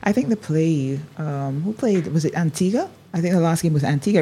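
A woman's voice: on the low side, expressive, normal speed, vocal fry, few pauses, dark tone, breathy edge. A woman hosting a morning radio show, chatting cheerfully with a co-host and teasing him. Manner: cheerful, teasing, laughs often.

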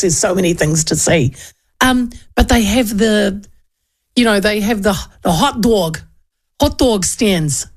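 A middle-aged woman hosting a talk show, chatting casually and telling rambling anecdotes with plenty of restarts and asides. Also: mid-range voice.

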